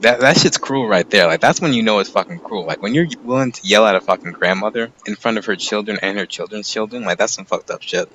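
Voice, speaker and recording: A man's voice: lowish voice, quick pace, hardly any pauses, a bit bright, slight background noise, poor audio. A man hosting a podcast, telling a rambling, profane story in casual chat. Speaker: podcast host.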